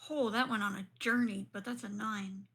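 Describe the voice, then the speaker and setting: A woman's voice: medium pitch, moderate pace. A woman playing a tabletop game, casual and joking with the game master. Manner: relaxed, joking asides. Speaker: player.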